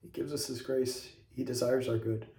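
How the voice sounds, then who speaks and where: Priest guy preaching a homily right at you, earnest, mellow low-lit tone, roomy echo. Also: little pitch movement, moderate pace. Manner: earnest, direct, urging the listener. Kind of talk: homily addressed to viewers. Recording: echoey room.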